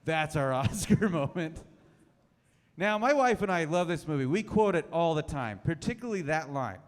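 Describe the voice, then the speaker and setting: A man's voice: a little high, big pitch swings, normal speed, in a large hall. A man in his thirties doing a stand-up set on a club stage, dry and self-mocking. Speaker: stand-up comedian.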